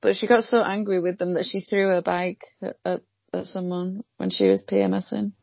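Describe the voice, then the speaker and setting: Gravelly woman, husky. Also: medium pitch, flat delivery, normal speed, no echo. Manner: sympathetic, chatty storyteller. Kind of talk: casual chat. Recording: dull lo-fi dry sound.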